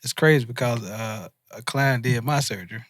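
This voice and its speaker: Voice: mid-range voice, normal speed, no echo, clean studio sound. A podcast co-host in casual chat, offering brief agreeing replies.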